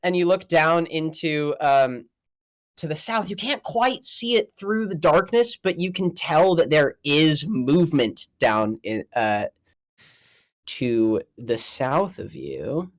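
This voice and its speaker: A woman narrating as game master of a tabletop game, animated and chatty. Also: low voice, slow pace. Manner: animated, counts squares under breath.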